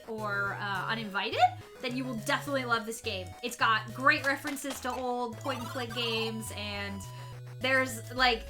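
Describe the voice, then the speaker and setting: Woman, streamer, upbeat, giggly, high-pitched, game music behind. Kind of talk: casual stream chat.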